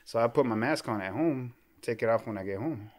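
In a podcast studio, a team superfan in his thirties tells a story casually and with animation, acting out what people said and calling the host "bro" often. His voice is medium-pitched and a little fast.

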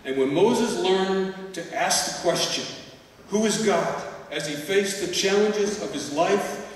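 A man preaching a sermon as a church elder, speaking slowly and deliberately with emphatic repetition. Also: high voice. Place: large church hall. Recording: echoey hall, distant mic.

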